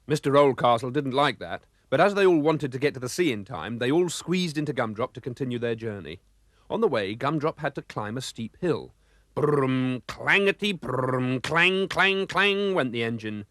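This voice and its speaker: A man narrating a children's cartoon storybook with a lively, sing-song delivery that swoops up and down. He voices the horns, barks and engine noises himself. The voice-over is dry and close to the mic. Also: medium pitch, brisk, no room sound. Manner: lively, expressive, does the sound effects himself.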